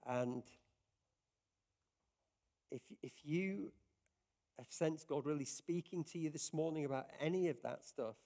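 Pastor, man, conversational sermon delivery, slightly higher pitch. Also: a little slow, long pauses, warm tone. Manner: earnest, conversational preaching with frequent restarts. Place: church service.

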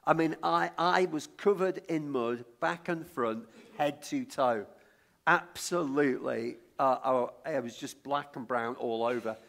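Telling a story from his boyhood, a middle-aged preacher from Lancashire, England, keeps his sermon conversational, tripping over and repeating words and inviting the congregation to shout out guesses. He speaks unhurriedly at a medium pitch, with vocal fry and a fairly bright tone.

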